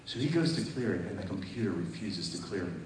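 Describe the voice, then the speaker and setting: A man preaching a testimony sermon to a congregation. He tells his story vividly, acting out phone calls, and rises to loud, emphatic peaks. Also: deep voice, expressive, fast talker. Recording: distant echoey hall with noise.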